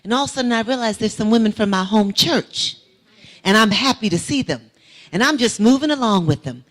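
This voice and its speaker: Animated woman preaching a testimony. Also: fairly high pitch, fairly quick. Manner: vivid storytelling that swells into emphatic preaching. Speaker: guest speaker. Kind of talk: testimony sermon. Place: church sanctuary.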